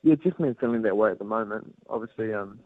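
A man with a New Zealand accent calls in as a guest on a radio show, chatting in a relaxed, easygoing way, laughing and using lots of filler words. His lowish voice races along. It's a casual interview over a phone call, so the dry recording has a tinny phone-line sound.

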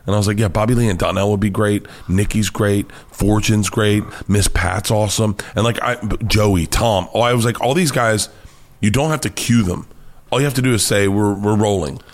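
A man with an American accent, a comedian guest telling animated, profane stories in an interview and acting out quoted voices. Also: on the low side, moderate pace. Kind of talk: storytelling interview chat.

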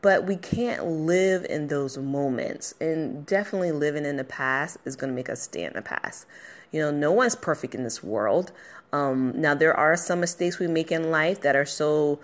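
A woman's voice: low-pitched, normal speed. A woman hosting her own podcast, talking casually, emotional and encouraging, rambling a bit as she goes. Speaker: podcast host. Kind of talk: casual motivational podcast talk. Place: at her workplace, a dog barking nearby.

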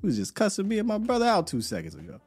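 A man's voice: sits high, wildly swooping pitch, rapid-fire, darkish tone, slightly rough, faint music behind. A man hosting a live podcast in casual chat, laid-back and slangy, often repeating words as he talks. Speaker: podcast host.

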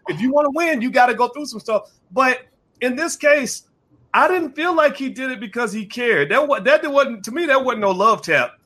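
A man's voice: very high voice, moderate pace. A man hosting an online panel discussion, talking casually to his guests and the chat audience, with lots of restarts. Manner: animated, restarts often, addresses chat audience. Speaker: panel show host.

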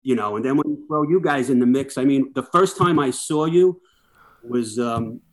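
Man, middle-aged, firefighter, lively anecdotes, acts out dialogue, average pitch. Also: normal speed. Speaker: guest, firefighter. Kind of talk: casual storytelling chat.

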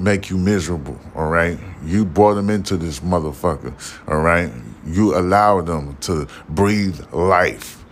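Man, very low voice, blunt and profane, casual solo podcast monologue, faint hum behind. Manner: blunt, profane, preachy; keeps saying "all right". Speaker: podcast host.

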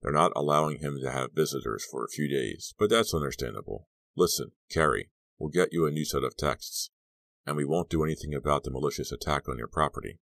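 A man voicing a calm, probing middle-aged school principal in an audiobook, measured and dryly sarcastic. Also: a bass voice, gravelly, no room sound, studio quality, full character voice. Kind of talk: audiobook narration.

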